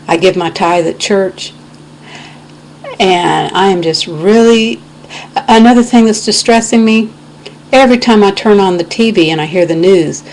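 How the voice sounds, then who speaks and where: A woman's voice: mid-range voice, darkish tone, a little hiss or hum, low-quality recording. An American woman giving an impassioned, indignant webcam rant, quoting scripture as she talks. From United States. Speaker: video blogger. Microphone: webcam microphone.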